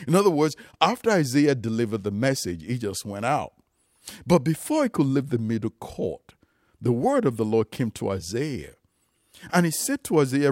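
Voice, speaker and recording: A man's voice: mid-range voice, sing-song, normal speed, no room sound, clean studio sound. A man preaching a sermon, emphatic and rising and falling for emphasis, calling his listeners loved ones.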